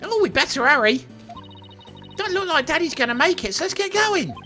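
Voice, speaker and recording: A man's voice: very high voice, big pitch swings, moderate pace, sharp tone, soft background music, voice pushed up, heavily acted. A man voicing a cheerful teenage girl stage magician in a bubbly, sing-song manner while reading game dialogue aloud.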